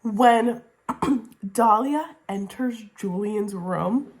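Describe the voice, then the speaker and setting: A young woman gushes about books straight into her camera at home, excitable and prone to saying everything twice. She swears casually and talks in a chatty vlog style. Her voice sits at an ordinary middle pitch. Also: takes it slowly. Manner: gushing, excitable, swears casually, repeats herself. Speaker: book vlogger. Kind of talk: casual reading wrap-up vlog. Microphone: camera mic, talking to camera.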